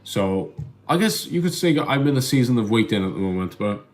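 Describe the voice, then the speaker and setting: A man's voice: on the low side, very animated, brisk. A man hosting a casual live stream into his phone at home, rambling and hesitant, often repeating words as he reads the chat. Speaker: livestream host reading chat.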